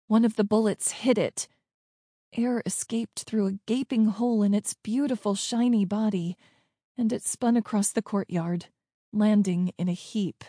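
Female narrator, warm low-lit tone, tense hushed storytelling, dry booth sound. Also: no echo. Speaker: audiobook narrator. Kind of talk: scripted first-person story narration.

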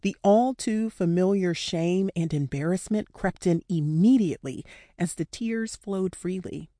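Woman, audiobook narration, candid and slangy, mellow tone, dry close sound. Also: fairly low pitch, unhurried, no echo. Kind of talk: scripted narration.

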